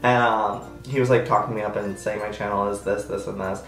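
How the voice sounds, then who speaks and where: A man's voice: steady tone, fairly quick, fairly bright tone. Chatty man telling a story, echoey. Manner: chatty, self-mocking, acts out quotes with jumps in pitch. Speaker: vlogger. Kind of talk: casual storytime.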